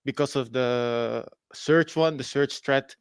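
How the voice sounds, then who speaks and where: A man's voice: mid-range voice, slow, smooth, no room sound. A man with a Dutch accent calling in to a podcast, giving his opinion hesitantly and hedging with fillers. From Netherlands. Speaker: caller.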